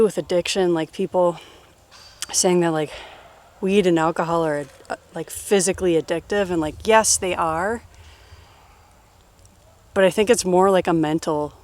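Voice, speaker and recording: Woman in her thirties, rambling casual chat. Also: lowish voice. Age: 30s. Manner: relaxed, rambling, filler-heavy storytelling with laughs. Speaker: interviewee. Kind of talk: casual personal Q&A.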